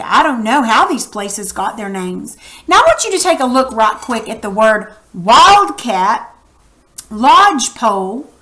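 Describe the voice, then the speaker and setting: A patient woman teaching a reading lesson in an unhurried, deliberate voice. Her voice sits a little high, and she keeps posing questions to her class. She sounds out each word slowly and clearly. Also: a bit bright, poor audio.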